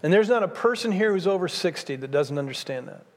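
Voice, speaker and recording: High-voiced preaching man in a reverberant hall. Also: lively intonation, quick pace. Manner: emphatic preaching, repeats key phrases. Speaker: pastor. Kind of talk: sermon.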